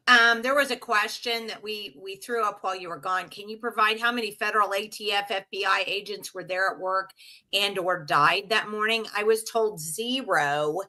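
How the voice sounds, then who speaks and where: A woman's voice: mid-range voice, bright, forceful tone. A woman co-hosting a show over a video call, chatting and passing along questions from viewers. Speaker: co-host.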